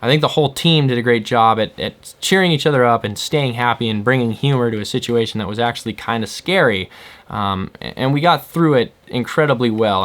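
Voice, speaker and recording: A man vlogger animatedly retelling a scary adventure in a casual, excitable way. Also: medium pitch. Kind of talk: casual storytelling.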